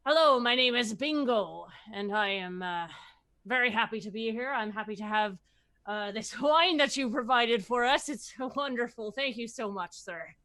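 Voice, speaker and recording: A woman voicing a humble, hardworking male farmer who speaks loudly and cheerfully. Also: on the high side, lively intonation, moderate pace, no room sound. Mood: flustered cheery. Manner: loud, cheerful, flustered.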